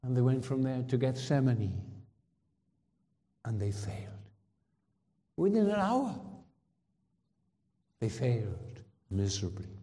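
A male preacher delivers a sermon in an unhurried, deliberate rhythm. His voice is deep-toned and mellow, and it rings out with long reverb in a large hall. He drives home his points with rhetorical questions and emphatic repetition. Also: big pitch swings.

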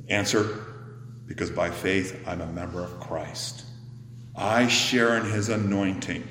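A man preaching a sermon, swinging from loud emphatic bursts to hushed, whispered lines. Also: low-pitched, steady tone, measured pace, slight background noise. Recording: echoey hall, faint ambience.

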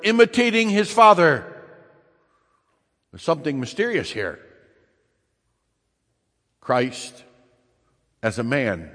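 A man preaching a sermon, emphatic, repeating key phrases and slowing down to stress them. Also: mid-range voice. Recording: long reverb in a large hall.

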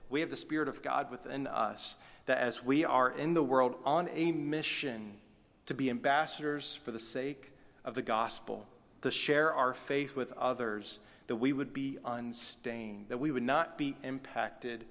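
A man's voice: medium pitch, fairly bright tone. Guy preaching, easygoing and chatty, church hall with a long echo. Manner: conversational, folksy asides. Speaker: pastor. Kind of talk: sermon. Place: church sanctuary.

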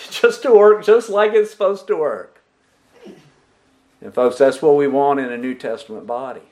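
A man preaching a sermon with a high, animated voice that climbs and falls sharply. He delivers it emphatically and keeps putting questions to the congregation, then repeating their answers back to them. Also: unhurried. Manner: emphatic preaching with lively rises and drops. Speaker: pastor.

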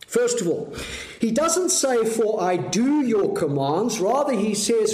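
A man preaching a sermon, measured and full of rhetorical questions to the congregation. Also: extremely high pitch, big pitch swings, a little mellow, reverberant.

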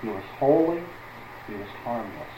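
A man's voice: fairly low pitch, very animated, moderate pace, reverberant, noisy background. A man teaching through a Bible passage as a preacher, stressing words one by one and putting questions to his listeners.

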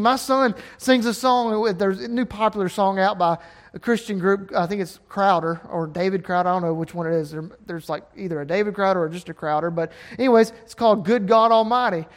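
A man's voice: high voice, fairly quick. A man from Alabama with a Southern accent, preaching a sermon with impassioned, emphatic build-ups. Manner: impassioned, rising to emphatic peaks.

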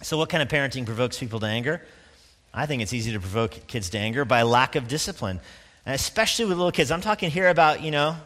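A man preaching a sermon in a conversational style, with quick asides. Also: medium pitch, expressive, fairly bright tone. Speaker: pastor. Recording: long hall reverb.

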